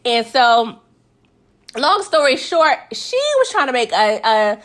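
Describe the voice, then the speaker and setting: A woman's voice: fairly high pitch, very animated, takes it slowly, fairly bright tone. A woman casually recapping a TV episode in a chatty, slangy way, often tacking on "okay?" and laughing between points. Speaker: TV recap host.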